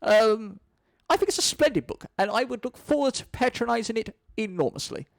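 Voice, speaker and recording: A man's voice: high-pitched, expressive, fairly quick, vocal fry, dry recording, clean studio sound, pitched above the performer's own voice. A man reading a screenplay aloud, voicing a foppish, dim young prince who sounds cheery and vague. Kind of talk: screenplay read-through.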